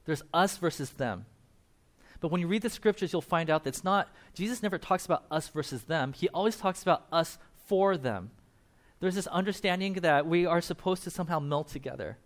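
A man preaching a sermon in a conversational, animated way, laughing now and then and adding asides. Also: on the high side. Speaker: pastor.

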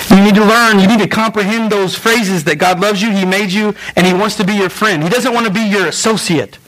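A man, preaching a sermon in a church and speaking directly to his congregation in an animated storytelling manner. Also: sits high, a little hiss or hum, rough recording. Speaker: pastor. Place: church sanctuary.

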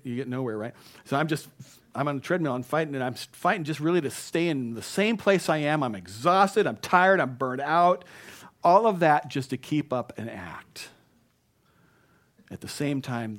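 A man preaching a sermon in a conversational way, stumbling into restarts and rising into emphatic bursts. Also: mid-range voice. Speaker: pastor.

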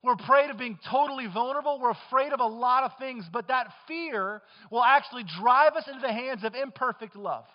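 A man preaching a sermon as pastor, impassioned, swinging between loud bursts and hushed lines. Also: very high-pitched, fairly quick, hardly any pauses, in a large hall, highs cut off.

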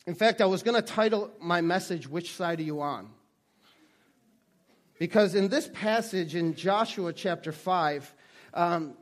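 A male pastor with a high, light voice delivers a sermon in an earnest, conversational way. He often stumbles and restarts his sentences as he talks to his congregation. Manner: earnest, halting with frequent restarts.

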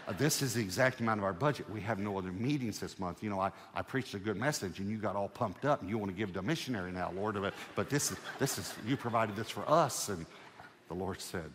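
A male preacher giving a sermon testimony as a lively storyteller who acts out his own dialogue with the Lord. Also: low-pitched, fast, in a large hall, a little hiss or hum.

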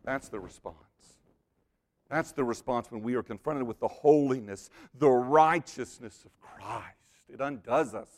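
A man giving a sermon and speaking straight to the congregation, swinging between hushed, near-whispered lines and loud, emphatic bursts. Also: medium pitch, a little slow. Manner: direct address to the congregation. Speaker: pastor.

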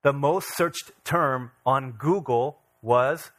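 Male pastor, 30s, conversational and animated sermon delivery with casual asides. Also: mid-range voice, slow. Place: church.

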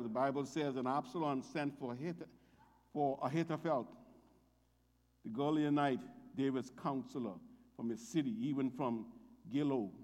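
A man's voice: on the high side, a little mellow. Emphatic male preacher in a reverberant hall. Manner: preaching with emphatic rises on scripture quotes. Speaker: pastor. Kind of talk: sermon.

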